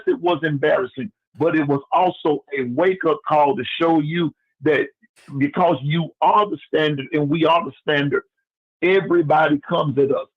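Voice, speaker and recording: A man calling in to a sports show, ranting loudly to fair-weather fans. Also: fairly high pitch. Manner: loud, fired-up preaching rant. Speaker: caller and chat moderator. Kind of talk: phone-in rant. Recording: dull lo-fi phone call.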